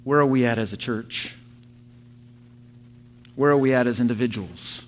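A man preaching a sermon to his church, telling a story with animated sound effects. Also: mid-range voice, moderate pace, a little hiss or hum. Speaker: pastor.

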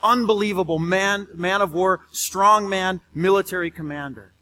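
A man's voice: sits high, normal speed, sharp tone, a little hiss or hum. A man who is a pastor, preaching a sermon in a conversational way and often repeating words as he speaks.

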